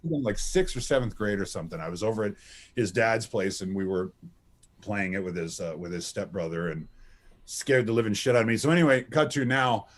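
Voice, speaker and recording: A man in his thirties with a slightly low voice, chatting in an interview. He tells stories with energy, laughs often, and restarts his sentences as he goes. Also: brisk. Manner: animated, anecdotal, laughs often, many restarts. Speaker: voice actor guest. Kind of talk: casual interview chat.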